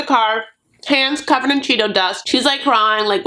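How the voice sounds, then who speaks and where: Slightly high and bright, this woman's voice sounds pushed, with a measured pace and a little hiss or hum in the audio. She gives a sassy, campy recap of a reality TV show as casual commentary, calling her viewers "honey" and acting out quotes in put-on voices.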